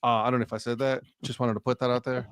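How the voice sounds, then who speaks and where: A man on a casual sports talk stream, telling an animated story and acting out the dialogue. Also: medium pitch, very fast, smooth, no echo. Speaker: co-host. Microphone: live stream remote mic.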